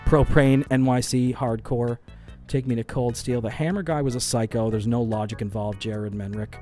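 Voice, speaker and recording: With faint music behind him, a man hosts a casual live stream from a lit home studio, talking into a studio microphone at a moderate pace in a steady, warm, medium-pitched voice. He rambles, reads chat aloud, swears a lot, and is self-deprecating.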